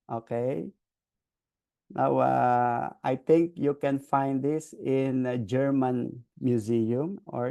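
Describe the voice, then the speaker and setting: Gravelly man lecturing with lots of "okay". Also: mid-range voice, warm tone. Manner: frequent "okay" checks, restarts. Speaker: teacher. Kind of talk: history lecture.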